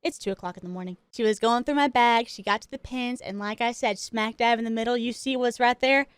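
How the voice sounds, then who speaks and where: A woman gaming creator telling a story in casual chat while she plays, animated and excitable, with chatty asides and frequent laughs. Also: on the high side, brisk, smooth, dry recording. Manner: chatty, self-interrupting asides.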